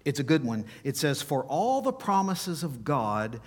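A man preaching a sermon, reading scripture aloud with feeling and emphasis, slowing for dramatic pauses. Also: on the high side, very animated.

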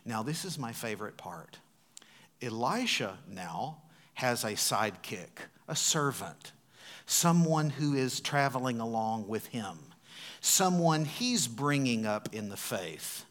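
Man, pastor, sermon, expressive storytelling, mid-range voice, loud-to-hushed swings. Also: mid-range voice.

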